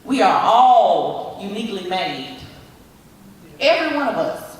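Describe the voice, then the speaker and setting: A woman motivational speaker giving an animated talk, coaxing audience volunteers with repeated calls. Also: medium pitch, a little slow. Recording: echoey hall from far off.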